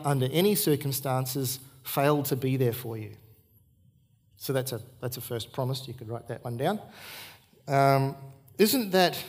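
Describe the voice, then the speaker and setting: A middle-aged man, preaching a sermon at a church service and repeating key points for emphasis. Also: fairly high pitch. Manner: earnest storytelling with emphatic repetition. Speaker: pastor.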